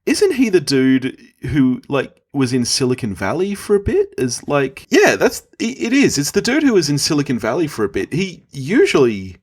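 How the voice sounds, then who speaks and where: Man, podcast guest, casual chat, husky, lively intonation, easygoing, frank. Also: fairly high pitch, normal speed, few pauses.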